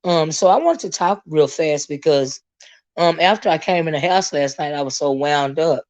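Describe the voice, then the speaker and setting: A hoarse woman, hosting a casual livestream, greeting viewers and chatting with many fillers and asides. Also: deep voice, normal speed. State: hoarse, lost her voice. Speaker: livestream host.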